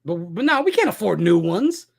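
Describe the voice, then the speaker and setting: A man co-hosting a podcast in casual chat, joking and excitable, often cutting in. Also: high-pitched, normal speed, creaky, breathy edge. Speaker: podcast co-host.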